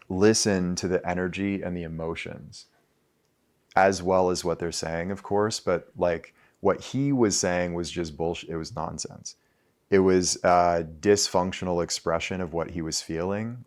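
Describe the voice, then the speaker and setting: A man in his thirties talking loosely to a live audience, full of "like" fillers and the odd swear word. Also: low-pitched. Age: 30s. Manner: loose and conversational, with frequent "like" fillers and profanity. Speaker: speaker addressing a live audience. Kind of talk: casual talk to an audience.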